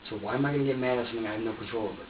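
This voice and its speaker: A man's voice: medium pitch, very fast, a little hiss or hum. Guy venting and swearing nonstop in an interrogation room, echoey dull audio from a far mic. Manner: agitated, profane, ranting. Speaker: suspect. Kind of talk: police interrogation.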